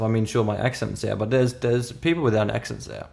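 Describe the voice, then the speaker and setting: A man in his thirties with a foreign accent co-hosts a casual podcast, telling a story emphatically with many restarts. He talks quickly with few pauses, in a fairly low, darkish voice with vocal fry.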